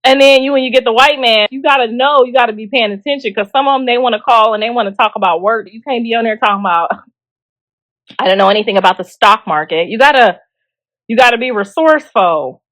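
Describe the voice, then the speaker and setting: A woman's voice: on the high side, fairly quick, a bit bright, dry recording. A middle-aged woman hosting a show and giving casual gossip commentary, blunt and joking, laughing often and talking straight to viewers in slang. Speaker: show host discussing celebrity gossip.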